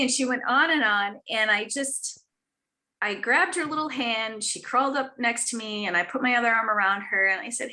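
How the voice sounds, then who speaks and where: A woman's voice: on the high side, moderate pace, sharp tone. A woman in her thirties or forties, an author chatting earnestly on a live stream, with many fillers and restarts. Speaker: author guest. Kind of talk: casual live chat.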